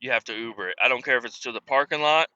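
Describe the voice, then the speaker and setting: A man hosting a podcast, ranting casually with lots of swearing and sudden shouted outbursts. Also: medium pitch, very fast, no room sound, dull audio. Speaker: podcast host.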